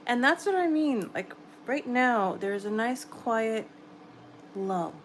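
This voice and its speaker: Gentle American woman chatting on a livestream. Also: fairly high pitch, animated, slow, slight background noise, rough recording. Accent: American, New York. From New York area, US. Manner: gentle, encouraging, chatty with viewers. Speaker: livestream host. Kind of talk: casual live chat reading comments. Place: home at night, quiet room.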